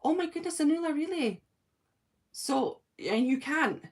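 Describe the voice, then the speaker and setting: A woman's voice: sits high, lively intonation, measured pace, darkish tone. A Scottish woman chatting casually on a live stream from her home, answering viewers' comments by name and thinking aloud. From Scotland.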